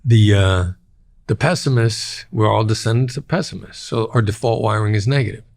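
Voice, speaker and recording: Gravelly middle-aged guy on a podcast, low voice, blunt and repeats himself to make a point. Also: moderate pace, a little mellow. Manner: plain-spoken, repeats key phrases for emphasis. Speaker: guest, former hostage negotiator. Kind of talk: podcast interview.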